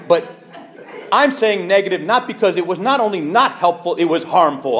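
Animated priest telling stories, faint hiss. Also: male voice, fairly high pitch, normal speed. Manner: animated storyteller, acts out quoted voices, laughs often. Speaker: priest teaching preachers. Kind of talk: teaching talk to clergy with anecdotes.

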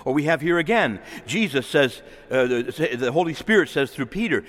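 A man, a priest, preaching an urgent, emphatic sermon full of rhetorical questions, and he calls himself a loudmouth. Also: on the high side, expressive, normal speed, few pauses, in a large hall. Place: church.

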